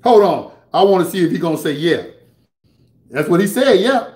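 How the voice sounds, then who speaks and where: A man's voice: high-pitched, lively intonation, fast, a little mellow, roomy sound. A man hosting an internet radio show, delivering a heated, confrontational, profane monologue. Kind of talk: ranting monologue.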